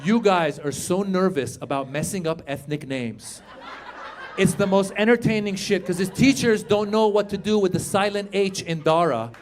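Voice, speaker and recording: A man from Iran works a club crowd with a stand-up set, his voice pitched high and bursting into shouted punchlines. It is captured live on a handheld stage mic. A faint hiss of the room sits underneath. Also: normal speed. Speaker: stand-up comedian.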